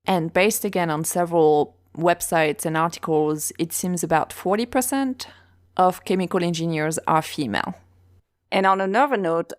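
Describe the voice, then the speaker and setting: A woman's voice: fairly low pitch, dry recording, studio quality. Woman with a slight French accent. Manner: chatty, laughs easily. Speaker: podcast host. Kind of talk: casual interview podcast. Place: home.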